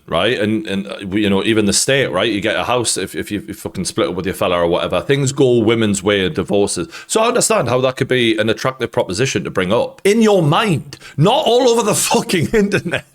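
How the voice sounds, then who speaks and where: A man's voice: fairly low pitch, animated, a little fast, few pauses. A man with a Geordie accent hosting a reaction commentary, blunt and opinionated and swearing freely. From North East England. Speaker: host.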